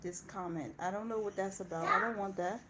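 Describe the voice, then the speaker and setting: A woman's voice: mid-range voice, fairly even intonation, fairly quick, heavy background noise. A young woman from Indiana chatting casually on a livestream, laughing often and breaking off to talk to her kids. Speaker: personal finance channel host.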